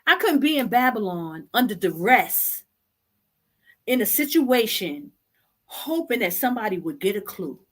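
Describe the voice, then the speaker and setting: A woman's voice: medium pitch, very animated, a little slow. Exasperated woman scolding her listeners. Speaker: online show host. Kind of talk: impassioned religious talk.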